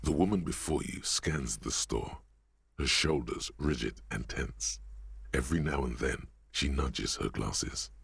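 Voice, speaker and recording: An actor voicing a grave, watchful male narrator in a video game, speaking in a deep gravelly husky voice. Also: animated, unhurried, a bit bright, no room sound, full character voice. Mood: somber.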